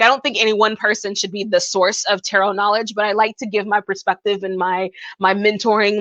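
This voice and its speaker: Bright-voiced chatty woman reading tarot live. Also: medium pitch, no room sound, rough recording. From Arkansas, US. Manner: chatty and upbeat, calls viewers hun. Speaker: tarot reader hosting a live session. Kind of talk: live-stream tarot reading, casual chat. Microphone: phone.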